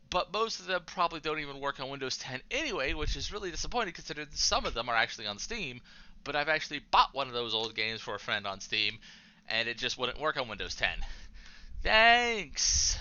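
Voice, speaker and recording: Lively, bright-voiced man ranting. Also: medium pitch, clean tone, highs cut off. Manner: rambling, profane, frustrated ranting. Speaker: YouTuber. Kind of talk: rambling vlog monologue.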